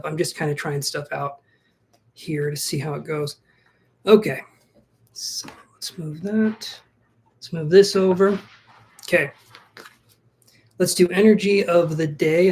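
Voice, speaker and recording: Guy doing a chill live tarot stream, chatty, jokes around, thinks out loud. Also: on the high side. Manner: chatty, self-joking, thinks aloud. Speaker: tarot reader.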